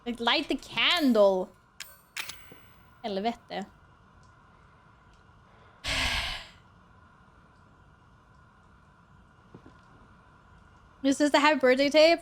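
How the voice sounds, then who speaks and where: High-voiced woman streamer swearing through gameplay. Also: very slow, pauses often. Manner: reactive, swears and exclaims often. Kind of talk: live gameplay commentary.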